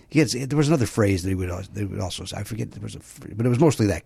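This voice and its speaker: A man's voice: on the low side, expressive, quick pace, vocal fry, hardly any pauses, a little mellow, slightly rough, dry recording. A middle-aged man hosting a comedy podcast, talking casually and self-deprecatingly with lots of filler words. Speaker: podcast host. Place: podcast studio.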